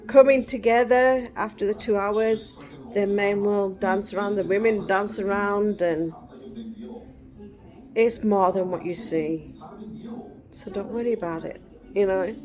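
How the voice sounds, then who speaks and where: A woman's voice: medium pitch, steady tone, slow pace, pauses often, a crowd in the background. Middle-aged woman rambling to camera, lots of tangents, casual vlog chat. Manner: chatty, rambling, digressive. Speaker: vlogger.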